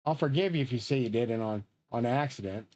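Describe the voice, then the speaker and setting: A man's voice: medium pitch, quick pace, darkish tone, dull audio. A man streaming a shooter game, rambling on in a profane, grandiose way. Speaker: livestreamer playing a shooter game. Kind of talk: rambling live-stream chat.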